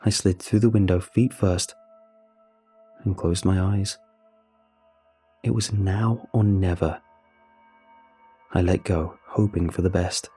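A young man narrates a first-person horror story in a somber, confessional voice, low and measured. His tone is dark and husky, with faint music running underneath. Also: fairly even intonation.

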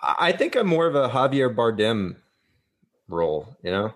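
A man's voice: mid-range voice, very animated, moderate pace. A man co-hosting a casual movie podcast, laid-back and profane, often restarting his sentences. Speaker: podcast co-host.

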